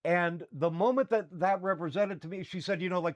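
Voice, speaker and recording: A man's voice: high voice, brisk, few pauses, highs cut off. A middle-aged man, hosting a talk show and telling a personal story in a candid, rambling way with fillers and restarts. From Canada. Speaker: podcast host.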